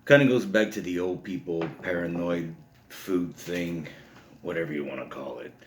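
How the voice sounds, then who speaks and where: A man's voice: sits low, moderate pace, a little hiss or hum. A middle-aged man, telling an old story in a casual, rambling way, full of "you know.". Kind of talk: casual spoken anecdote. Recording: roomy echo.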